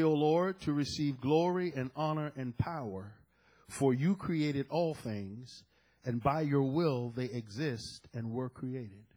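Husky-voiced man preaching a sermon. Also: on the high side, darkish tone, rough recording. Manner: preaching with call-and-response to the congregation. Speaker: pastor.

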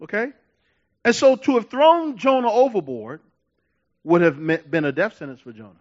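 High-voiced animated male pastor preaching. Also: normal speed, dull audio. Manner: animated preaching with laughs and repetitions. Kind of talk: sermon.

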